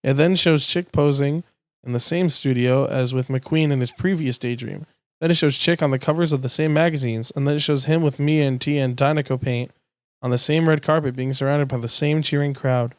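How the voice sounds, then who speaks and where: A man reads a transcript aloud in a plain, steady way and trips over words here and there. His voice sits at an ordinary middle pitch. The sound is dry and close. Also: a little fast, dry recording. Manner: plain reading with stumbles and swearing. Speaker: youtuber.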